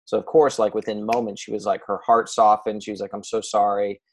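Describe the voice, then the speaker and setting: A man's voice: on the low side, level tone, fast talker, husky. A man coaching a client on a casual call, blunt and swearing freely, with many restarts.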